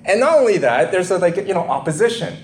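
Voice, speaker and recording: Animated pastor rambling in echoey room. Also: male voice, high-pitched, slight background noise. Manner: halting and rambling, many fillers and restarts; animated, laughs at himself. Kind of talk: informal conversational sermon.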